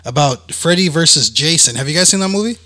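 A man hosts a casual chat show and tells stories with real flair, jumping into acted-out voices. His voice sits a little high and sounds bright and forceful. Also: quick pace. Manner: animated storyteller, acts out voices. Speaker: podcast host.

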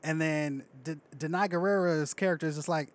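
A man co-hosting a casual chat, animated, acting out movie lines. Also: on the high side, fairly quick, no echo. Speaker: podcast co-host.

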